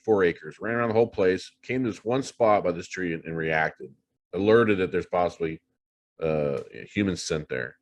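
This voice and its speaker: Middle-aged male guest with a deep voice; lively, profane, repetitive storyteller. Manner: animated, swears freely, repeats himself for emphasis. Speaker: paranormal investigator guest. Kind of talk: casual storytelling.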